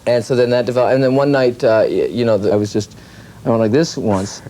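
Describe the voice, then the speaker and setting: A man's voice: medium pitch, fast, a little hiss or hum. Man telling comedy stories. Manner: lively storytelling, slips into voices. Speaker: comedian guest. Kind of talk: interview anecdotes.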